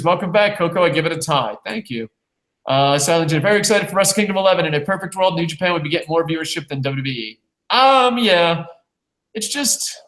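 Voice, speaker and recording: A man co-hosting a casual wrestling review podcast, reading viewer comments aloud in a loose, profane, rambling way with quick jokes. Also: fairly high pitch, fairly bright tone. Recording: roomy echo.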